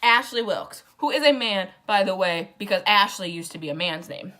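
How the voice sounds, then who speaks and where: A woman's voice: medium pitch, lively intonation, fairly quick, sharp tone. A drunk young woman rambling through a casual, profane book summary with sarcastic asides. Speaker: book vlogger.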